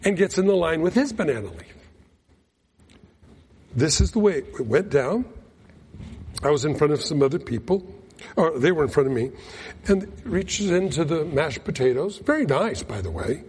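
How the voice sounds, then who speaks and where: A man preaching a sermon, telling a folksy mission story with lively acted-out quotes. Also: fairly high pitch, moderate pace, pauses often, slightly rough. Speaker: pastor. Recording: long reverb of a large hall.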